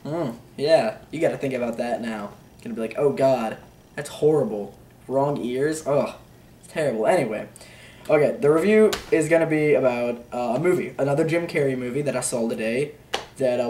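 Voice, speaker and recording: A man's voice: medium pitch, a little mellow, recorded from a distance. Rambling teenage boy in an echoey room. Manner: rambling, unsure, filler-heavy, offhand "blah, blah". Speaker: amateur movie reviewer. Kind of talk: rambling casual movie review. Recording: roomy echo, a bit off-mic.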